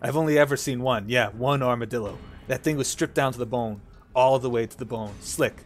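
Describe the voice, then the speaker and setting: A man's voice: medium pitch, fairly quick, a little hiss or hum, natural voice. A man voicing a blunt, matter-of-fact female junk merchant with a put-on Southern accent. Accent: put-on American Southern.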